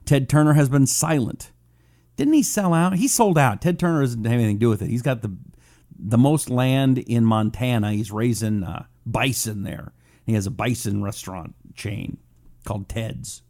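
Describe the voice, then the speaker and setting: A man's voice: mid-range voice, animated, moderate pace, dark tone. A man hosting a political talk radio show, rambling casually, joking at his own expense and reading listener comments aloud.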